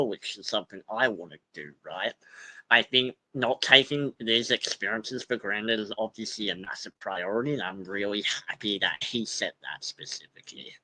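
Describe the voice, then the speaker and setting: Bright-voiced young man rambling on a livestream. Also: on the low side, rough recording. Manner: rambling, swears freely, lots of fillers. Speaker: streamer reading cast bios. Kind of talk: casual livestream chat.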